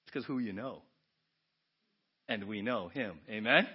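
A man preaching a sermon as pastor, animated, swinging from hushed asides to loud exclamations. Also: on the low side, measured pace, husky, dull audio. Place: church sanctuary.

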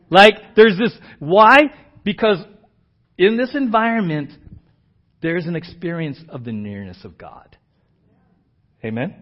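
Pastor guy with a high voice, quiet prayer then loud fired-up preaching, muffled lo-fi church audio. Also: sing-song, moderate pace, long pauses. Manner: swings from hushed prayer to loud, emphatic preaching. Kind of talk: sermon.

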